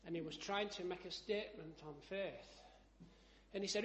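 A male preacher with a slightly raised pitch works through stories and scripture, moving between quiet asides and loud, emphatic passages. Faint hiss sits under the voice. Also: steady tone, normal speed. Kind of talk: sermon.

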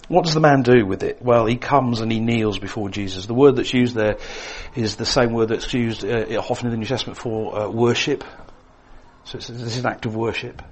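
A man preaching a sermon, swinging between emphatic lines and hushed, quiet ones. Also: mid-range voice, a little fast, breathy edge.

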